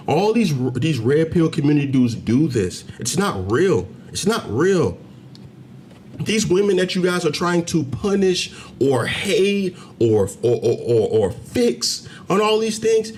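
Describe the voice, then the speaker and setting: A man's voice: a little high, a little hiss or hum. Fired-up man preaching to camera. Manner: preachy, emphatic, rising to loud heated peaks. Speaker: commentary channel host. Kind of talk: direct-to-camera commentary rant. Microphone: camera mic, facing camera.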